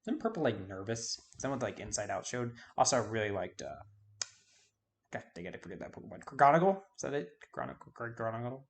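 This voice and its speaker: A man's voice: on the low side, lively intonation, fast. A man giving casual video game commentary, rambling and forgetting names with self-deprecating asides. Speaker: YouTube host.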